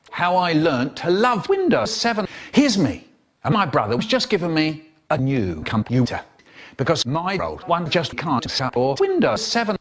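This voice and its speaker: A man's voice: on the high side, big pitch swings, moderate pace, crowd noise. A man telling stories in a playful, theatrical way, with sudden swings in his voice. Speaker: storyteller. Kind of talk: animated storytelling, cut into spliced comedy clips.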